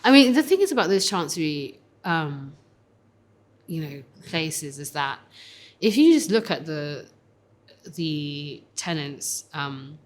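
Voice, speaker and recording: Casual, low-voiced young-sounding woman barrister. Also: slow. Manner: casual, animated, many fillers. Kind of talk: documentary interview.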